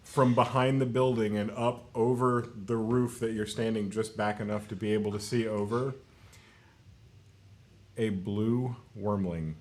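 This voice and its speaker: A man's voice: fairly low pitch, flat delivery, normal speed, few pauses. A man acting as game master, narrating the scene for his players and chuckling now and then.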